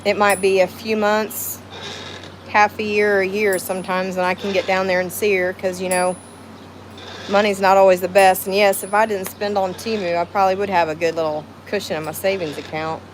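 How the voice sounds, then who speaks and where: A woman's voice: mid-range voice, little pitch movement, brisk, slight background noise, poor audio. A middle-aged woman with a Southern US accent, hosting a casual livestream chat outdoors at home, rambling and emotional as she greets viewers by name. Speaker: livestream host.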